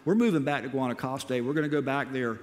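A missionary from the United States tells his own story to a church, speaking fast in a mid-range voice. He's animated and acts out what he once said, and the large auditorium gives the recording a long reverb.

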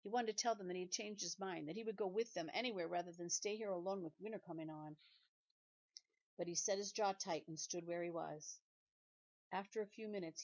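A woman teacher reading a children's novel aloud in a steady, measured and clear way. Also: medium pitch. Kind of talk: audiobook narration for children. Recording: dull lo-fi recording.

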